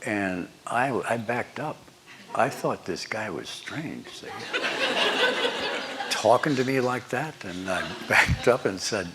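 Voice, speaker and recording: A man's voice: mid-range voice, big pitch swings, slow, heavy background noise. An older man giving a lecture, telling wry anecdotes with chuckles to an audience. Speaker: guest lecturer. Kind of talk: storytelling lecture. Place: lecture hall before an audience.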